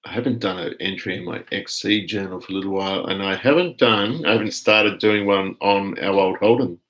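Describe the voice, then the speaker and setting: An Australian man hosting a casual live stream, chatting in a relaxed, rambling way as he reads out viewer comments. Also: sits low, brisk, low-quality recording.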